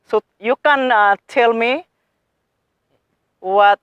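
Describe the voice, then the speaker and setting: A woman's voice: on the high side, extremely slow, smooth, dry recording, highs cut off. A woman showing viewers her garden work in a casual how-to vlog, eager and chatty, often calling them guys. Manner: eager, addresses viewers as guys, non-native phrasing. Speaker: gardening vlogger.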